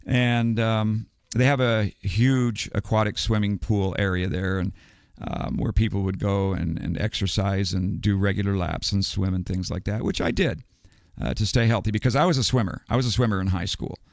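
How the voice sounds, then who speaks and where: Older man with a gravelly, low voice. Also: moderate pace, no room sound, studio quality. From United States. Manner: rambling, digressive storyteller who chuckles between details. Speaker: podcast guest. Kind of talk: casual storytelling.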